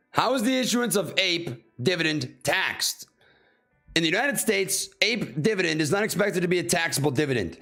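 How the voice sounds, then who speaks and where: A man's voice: a little high, pushed and bright. A man from North Carolina hosting a casual livestream, reading out viewer questions and riffing on them. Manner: reads out FAQ text then riffs on it casually.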